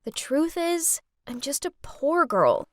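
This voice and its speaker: A woman narrates a first-person storytime in a chatty, dramatic teen voice. Her pitch sits high and swings widely, and the recording is close and completely dry. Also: big pitch swings, takes it slowly, no echo.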